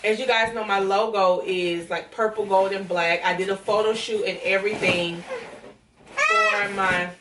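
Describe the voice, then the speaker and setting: A young woman excitedly unboxing and showing her own lash brand in a casual, rambling vlog. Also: medium pitch, unhurried, noisy background. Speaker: vlogger launching a lash brand. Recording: roomy and distant with music behind.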